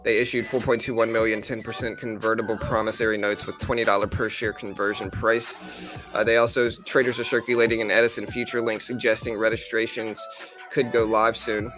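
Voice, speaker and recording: Over music, a livestream trading host gives live stock market commentary in a fairly low, flat-pitched voice at a slightly fast pace. He chats casually and addresses viewers in the chat directly.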